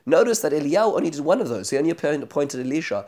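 A man's voice: fairly high pitch, very animated, very fast, a little mellow. Man teaching a Bible chapter, storytelling. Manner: storytelling with many fillers and restarts, voicing quoted speakers. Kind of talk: Bible study lesson, retelling a chapter.

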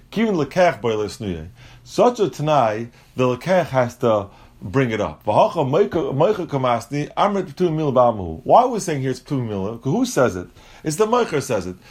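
A man teaching a Talmud lesson, explaining step by step and mixing English with Aramaic and Hebrew terms. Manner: animated, jumps in pitch when acting out quotes.

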